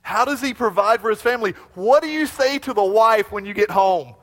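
Man preaching an animated sermon. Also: high-pitched, brisk. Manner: animated, asks congregation to repeat lines. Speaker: pastor.

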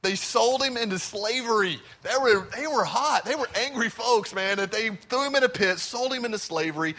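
A man's voice: high-pitched, animated, normal speed, bright, forceful tone. A middle-aged man, a pastor, preaching a sermon in a church in a conversational, joking way. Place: church sanctuary.

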